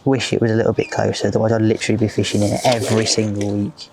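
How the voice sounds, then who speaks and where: A man's voice: lowish voice, completely flat delivery, racing, gravelly, noisy background. Chatty man commentating while fishing. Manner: chatty, rambling, leans on fillers like "just". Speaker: match angler presenting the video. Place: outdoors at a fishing lake.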